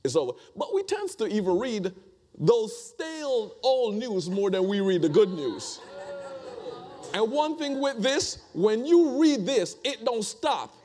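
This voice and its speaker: A man's voice: high-pitched, very animated, a little slow, a little mellow. A man preaching a conversational sermon, repeating phrases and asking the congregation rhetorical questions.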